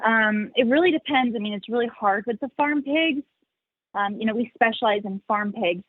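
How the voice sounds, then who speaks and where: A woman's voice: on the high side, dry recording. Chatty young woman, thin phone-like sound. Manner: chatty, many "like" fillers, laughs often. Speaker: sanctuary founder, interview guest. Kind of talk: casual interview answers. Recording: dry, phone-like narrow sound.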